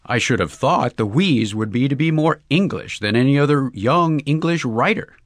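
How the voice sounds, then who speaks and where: A man's voice: mid-range voice, moderate pace, no room sound, clean studio sound, voice pushed up, lightly acted. A man reading as an eager young golfer in love. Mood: earnest. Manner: earnest, excitable.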